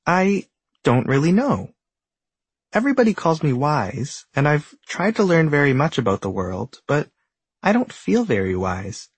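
A man's voice: a little high, sing-song, unhurried, breathy edge, no room sound, voice pushed up, heavily acted. A man voicing an anxious, insecure owl who talks hesitantly and sighs with self-doubt.

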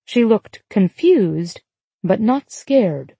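A woman reading an audiobook in a measured, even storytelling manner on a close studio mic. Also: medium pitch, husky, no echo. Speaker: audiobook narrator. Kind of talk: scripted narration.

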